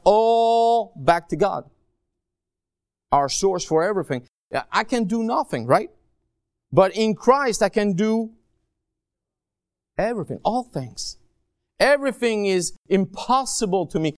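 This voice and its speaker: A man preaching a sermon as a guest preacher, stretching key phrases out slowly and swinging from soft asides to raised, pleading lines. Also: high voice, animated, smooth, no room sound, studio quality. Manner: slow, drawn-out emphasis on key phrases.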